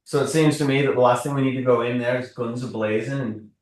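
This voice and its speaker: A man's voice: mid-range voice, fairly even intonation, quick pace, darkish tone. A man with a Scottish accent, arguing bluntly with other players at a tabletop game. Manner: blunt, argumentative. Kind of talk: casual tabletop chat. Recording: echoey room, distant mic.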